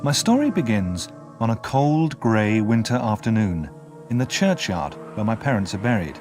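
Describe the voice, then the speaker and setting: A man narrating a classic story as an audiobook in a measured, expressive storytelling manner. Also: fairly low pitch, faint music behind.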